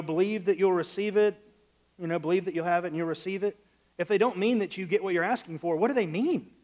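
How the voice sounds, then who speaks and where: A man's voice: sits high, muffled recording. A male pastor preaching a sermon in a church, loose and conversational, acting out the voices in his stories.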